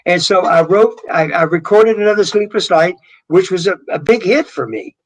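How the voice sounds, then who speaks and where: An older man with an easy Southern drawl spins long, animated stories as an interview guest. He talks a little higher than most men, stumbling through restarts as one memory leads into the next. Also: moderate pace, rough recording. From Louisiana. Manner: rambling, animated storyteller with many restarts. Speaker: guest singer. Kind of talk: storytelling interview.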